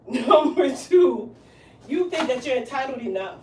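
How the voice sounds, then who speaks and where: Lively salon-owner woman, roomy distant sound. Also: a little high, a little slow, pauses often. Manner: animated, acts out quoted lines, laughs often. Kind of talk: casual storytelling chat. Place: hair salon. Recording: roomy room, voice from off mic, faint hiss.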